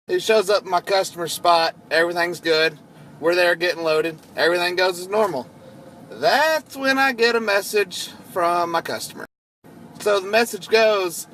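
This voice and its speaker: A man telling a profane story in an animated way while driving at night. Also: fairly high pitch, rough recording. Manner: animated, profane, laughing disbelief. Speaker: storyteller vlogger. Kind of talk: casual storytelling vlog. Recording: faint road noise in a vehicle.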